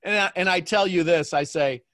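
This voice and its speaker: A man hosting a coaching call, talking in a playful, animated way and acting out little quotes. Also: sits high, a little fast, dry recording, clean studio sound. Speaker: host and mentor.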